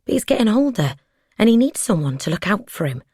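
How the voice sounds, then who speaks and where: Narrator playing an earnest, caring woman, lifted pitch, dry sound. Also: big pitch swings, fairly quick, darkish tone, husky, no echo. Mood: concerned. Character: caring young-adult woman, concerned.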